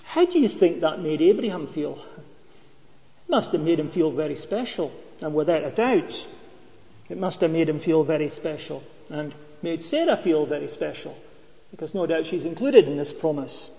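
A slightly high, dark-toned male voice from Scotland carries this sermon, animated and moderately paced. The preacher tells stories and asks his congregation rhetorical questions conversationally. Expect dull lo-fi quality and long reverb.

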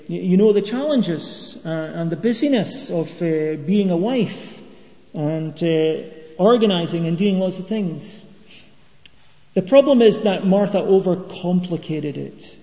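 A man's voice: high-pitched, warm tone. A middle-aged man preaching a sermon in a conversational way, asking the congregation rhetorical questions. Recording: dull echoey hall recording.

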